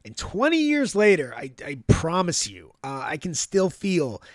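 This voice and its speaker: A middle-aged man telling a long personal story as a podcast host, reflective, often pausing with "um" and checking in with "right?". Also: a little high, huge pitch swings, no echo, studio quality. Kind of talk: storytelling monologue.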